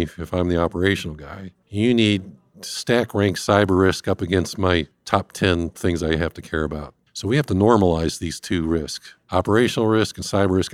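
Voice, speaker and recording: A man speaking as a guest expert, explaining risk step by step in a measured way. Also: sits low, clean tone, no room sound, clean studio sound. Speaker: industrial cybersecurity guest expert. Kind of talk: explanatory interview talk.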